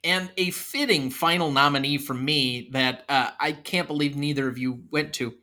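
Give me a wry male podcast host chatting about movies, with a bright, tense voice. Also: fairly high pitch, steady tone, moderate pace. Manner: wry, runs the segments. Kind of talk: casual movie-review chat.

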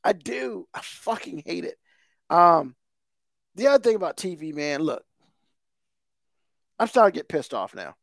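A man's voice: high voice, big pitch swings, unhurried, vocal fry, long pauses, dry recording, clean studio sound. A man co-hosting a podcast, ranting heatedly about TV and football, swearing constantly and repeating himself for emphasis. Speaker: podcast co-host. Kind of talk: casual profane rant.

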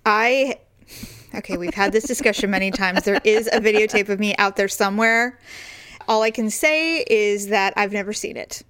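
A woman co-hosting a comedy podcast, telling stories in a frank, animated way with frequent laughter. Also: mid-range voice, normal speed, smooth, dry recording. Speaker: podcast co-host. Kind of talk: casual comedic chat.

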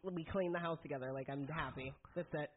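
A woman's voice: deep voice, fast talker, over a noisy crowd. A bubbly woman from Michigan who hosts a podcast, laughing a lot as she chats. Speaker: podcast host. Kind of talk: casual chat. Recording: tinny phone-like sound.

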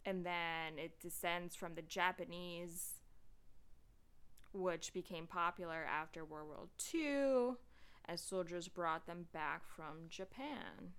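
A young woman hosting a podcast, chatting casually with lots of fillers and quick laughs. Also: on the low side, fairly bright tone, clear, resonant tone. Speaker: podcast host. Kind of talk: casual chat.

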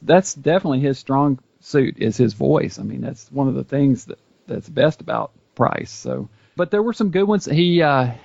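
Man with a gravelly, fry-heavy voice; casual podcast chat, enthusiastic and knowledgeable, dull dry recording. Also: medium pitch, animated, moderate pace, darkish tone, no room sound. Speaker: YouTube series host, guest.

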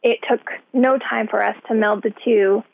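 A woman's voice: fairly high pitch, steady tone, moderate pace, vocal fry. A woman guest speaking thoughtfully over a landline in a phone interview. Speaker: guest, event organizer. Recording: tinny landline phone call.

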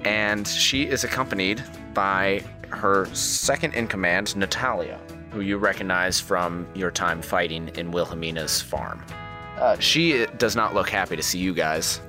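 A man's voice: deep voice, unhurried, music in the background. A man narrating as game master of a tabletop game, rambling with fillers.

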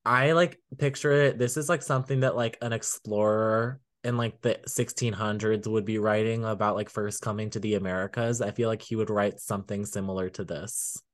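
A man's voice: lowish voice, steady tone, normal speed, few pauses. A man co-hosting a music podcast, rambling casually with many fillers and frequent laughs. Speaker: podcast co-host. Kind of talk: casual chat.

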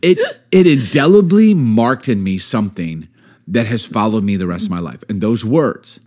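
A middle-aged man co-hosting a podcast, telling a story in casual chat, animated and emphatic, laughing often. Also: lowish voice, moderate pace. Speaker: podcast co-host.

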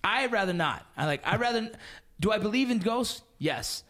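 A man in his thirties telling stories in casual podcast chat, animated and profane with lots of slang. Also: sits high, moderate pace.

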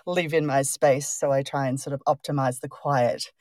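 A woman with an Australian accent, a guest in casual chat, polite and a little hesitant, voice low from just waking. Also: steady tone, normal speed, darkish tone, no echo. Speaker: guest, audio artist.

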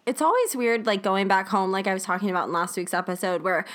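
A woman's voice: mid-range voice, animated, quick pace. A young woman co-hosting a podcast, chatting upbeat and giggly while a little congested from a cold. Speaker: podcast co-host. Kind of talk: casual chat.

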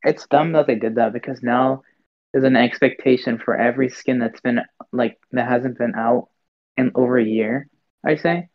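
A man's voice: mid-range voice, fairly even intonation, normal speed. Young man on a dull lo-fi mic. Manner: stumbling, says he stutters a lot. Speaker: podcast co-host. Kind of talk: casual gaming chat.

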